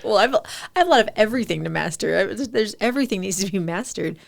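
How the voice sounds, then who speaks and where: A woman's voice: mid-range voice, lively intonation, quick pace, vocal fry. A woman speaking as a podcast guest, chatting animatedly, laughing often and restarting her sentences as she goes. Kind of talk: casual interview chat.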